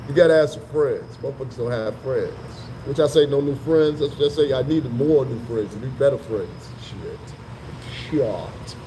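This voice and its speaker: Mellow-voiced man telling a rambling story. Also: medium pitch, measured pace, slight background noise, poor audio. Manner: profane, rambling, laughs between remarks. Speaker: vlogger. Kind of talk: casual storytelling monologue.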